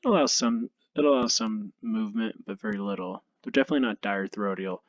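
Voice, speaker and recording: A male anatomy instructor giving a recorded lecture over slides, relaxed and self-deprecating, thinking aloud with frequent ums. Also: fairly low pitch, a little fast, dry recording, dull audio. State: tired, yawning.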